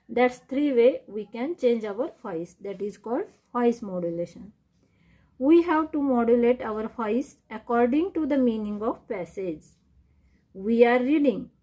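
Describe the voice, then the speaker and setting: A woman teaching a lesson on reading techniques, defining each term slowly and repeating it. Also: fairly high pitch, dark tone. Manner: slow, repetitive, defining terms one by one. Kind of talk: classroom lecture on reading techniques.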